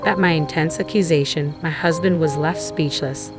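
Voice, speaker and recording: A woman narrating a first-person drama story in a measured, grave tone, with music playing underneath. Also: deep voice, fairly even intonation.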